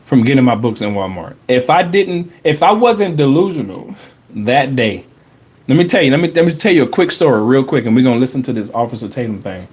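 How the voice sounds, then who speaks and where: A man hosting a podcast, telling a personal story in a casual, animated way, full of slang and repeated phrases for emphasis. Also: medium pitch, a little fast, slightly rough. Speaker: podcast host.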